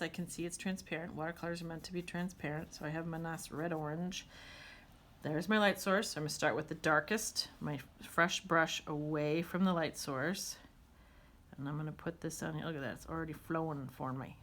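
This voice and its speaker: A woman's voice: on the low side, fairly bright tone. A woman teaching a watercolor demonstration, chatting and thinking aloud as she paints.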